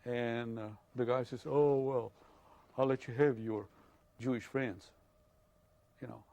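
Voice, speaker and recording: An older man, from Hungary, telling his life story in an oral history interview, halting and full of fillers. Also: mid-range voice, little pitch movement, a little mellow, highs cut off.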